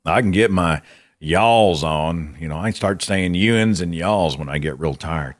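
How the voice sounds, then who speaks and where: A man with an Oklahoman accent hosting a call-in show, animated and quick to laugh, his pitch jumping up when he makes a point. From Oklahoma, USA. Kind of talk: casual call-in talk.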